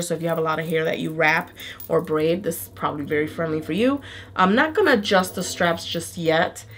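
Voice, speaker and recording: A woman's voice: lowish voice, fairly bright tone. A woman reviewing a wig for her channel in a chatty, playful way, sounding nasal while sick with a fever. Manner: chatty, playful, swears casually. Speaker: beauty vlogger.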